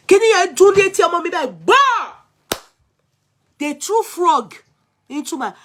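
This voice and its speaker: A middle-aged woman with a Nigerian Yoruba accent, talking through casual commentary as a vlog host, animated and exclaiming as she switches between languages. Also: on the high side. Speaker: vlog host taking calls.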